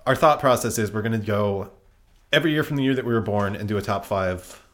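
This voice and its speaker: A man's voice: on the low side, fast. A young adult man co-hosting a casual podcast ranking movies, joking around and tossing in movie quotes. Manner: jokey, blurts out movie quotes. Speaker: podcast co-host.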